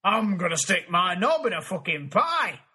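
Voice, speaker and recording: A man with a bright, tense and slightly husky voice, pitched a little above the usual. He fires off crude one-liners for a comedy podcast sketch. Each line lands in a new regional accent. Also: sing-song, normal speed. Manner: crude punchlines, switching accent every line. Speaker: podcast co-host.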